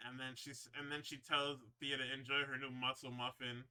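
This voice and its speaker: A man's voice: medium pitch, flat delivery, normal speed, few pauses, bright, forceful tone, clear, resonant tone. A man hosting a podcast, recapping wrestling shows in a rambling, profane, casual way with frequent laughs. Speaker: podcast host.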